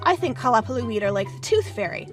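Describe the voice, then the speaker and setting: A cheeky, boastful little girl with squealing exclamations, as a woman acts her out in a storybook retelling. The voice leaps high and swoops widely, full of bravado. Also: sing-song, fast talker, soft background music. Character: bold, boastful young Inuit girl.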